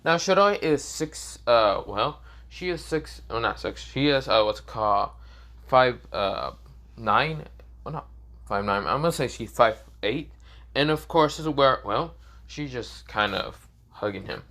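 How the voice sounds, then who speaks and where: A man's voice: medium pitch, animated, a little slow, sharp tone. A man improvising a fan-fiction anime story, rambling with lots of fillers and restarts. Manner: rambling, filler-heavy, repeats "this is where".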